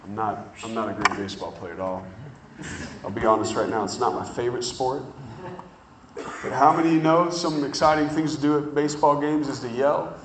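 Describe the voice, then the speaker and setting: A man preaching a sermon, telling stories in an animated way and drawing out words for emphasis. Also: mid-range voice, echoey room, a little hiss or hum, poor audio. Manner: animated storytelling with drawn-out emphasis.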